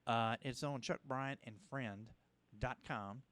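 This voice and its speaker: A man's voice: medium pitch, fairly bright tone, clean tone. Rambling man hosting a radio show. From Louisiana. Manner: rambling, halting, with restarts. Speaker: host. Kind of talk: casual radio interview. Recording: radio broadcast.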